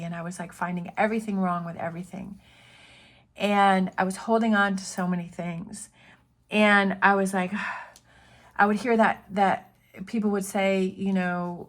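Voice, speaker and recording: A woman tarot reader giving an earnest, encouraging spiritual pep talk, often repeating her phrases. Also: mid-range voice.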